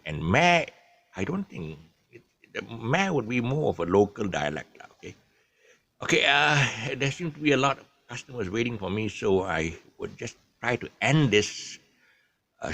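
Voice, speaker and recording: A man's voice: lowish voice, creaky, a bit bright, no room sound. A man with a Malaysian English accent, chatting casually and rambling through his explanations with many ums and restarts, adding jokes. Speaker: vlogger. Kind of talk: casual monologue explaining local slang.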